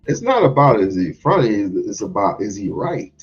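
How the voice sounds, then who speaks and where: A man's voice: on the low side, moderate pace. A man commenting on a comedy clip in an emphatic, profane way. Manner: emphatic, profane, lively questioning. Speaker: reaction channel host. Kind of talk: reaction commentary. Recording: dull lo-fi with music under.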